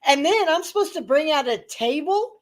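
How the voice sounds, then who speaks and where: A woman hosting a live talk stream, telling stories in casual chat and acting out the other people's lines in a lively, profane way. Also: sits high, normal speed. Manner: profane, animated, acts out voices in her stories.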